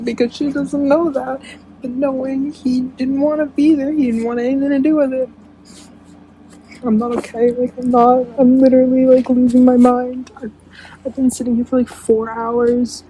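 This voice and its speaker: Young woman rambling emotionally about a book, kinda high voice, talks slow, noisy room. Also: warm tone. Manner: gushing and emotional, with frequent fillers. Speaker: book vlogger. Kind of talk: casual reading vlog.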